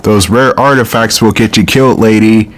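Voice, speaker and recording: A man's voice: on the low side, fairly even intonation, normal speed, fairly bright tone, soft background music. A man hosting a let's play, giving casual, joking gameplay commentary full of rambling tangents.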